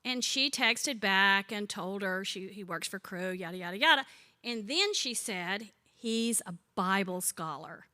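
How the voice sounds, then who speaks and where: Bright-voiced woman in her sixties teaching. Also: medium pitch, lively intonation, measured pace. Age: 60s. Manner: chatty, warm-humored storyteller who asks the group questions. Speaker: Bible study teacher. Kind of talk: conversational teaching with humorous stories.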